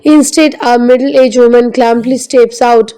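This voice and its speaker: A woman narrating a scripted film recap in a steady, even storytelling manner. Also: fairly high pitch, a little slow, clean tone, low-quality recording.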